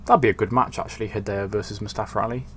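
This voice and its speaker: A man hosting a casual gaming commentary, dry, deadpan and sweary. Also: on the low side, rapid-fire, a little hiss or hum. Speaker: host.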